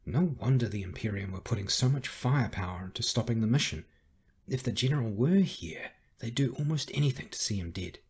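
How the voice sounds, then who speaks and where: Husky male audiobook narrator. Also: fairly low pitch. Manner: measured, tense storytelling. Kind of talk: scripted narration.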